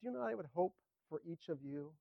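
An older man preaching a sermon as pastor, halting and repeating words as he speaks. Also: on the high side, animated, vocal fry, no room sound, lo-fi sound. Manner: halting, repeats words, leads congregation in a hymn.

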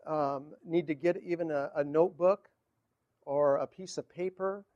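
A male pastor preaching a sermon in a halting way, searching for his words with many fillers. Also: a little high, fairly even intonation, muffled recording.

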